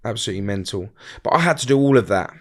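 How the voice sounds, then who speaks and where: A middle-aged man telling a personal story in a blunt, halting way, often restarting his sentences and acting out other people's words. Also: medium pitch, lively intonation. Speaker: guest.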